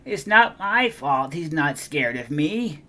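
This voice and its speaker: A man's voice: a little high, big pitch swings, slow, bright, forceful tone, voice pushed up, full character voice. A man voicing a whiny, eager young female red monster in a children's storybook.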